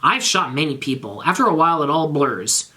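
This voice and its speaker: A man's voice: a little high, very animated, fairly quick, bright, forceful tone. A man voicing a smug, flirtatious male cat with a gun, speaking in an offhand bragging way.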